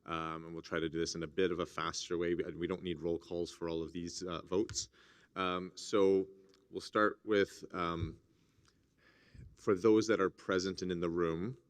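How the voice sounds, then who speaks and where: A man chairing a formal assembly, speaking in a measured, hesitant way with many fillers. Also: deep voice, flat delivery, clean tone. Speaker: meeting chair.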